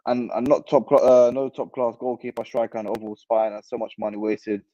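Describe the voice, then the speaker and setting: A man's voice: mid-range voice, steady tone, a little fast, warm tone, muffled recording. A young man hosting a football channel, chatting casually and reacting animatedly to live comments in slang. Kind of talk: casual livestream chat.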